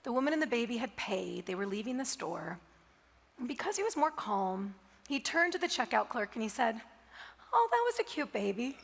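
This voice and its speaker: A woman giving a motivational keynote talk on a conference stage, telling an animated story and asking the audience questions. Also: fairly high pitch, fairly quick. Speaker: keynote speaker. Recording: reverberant hall.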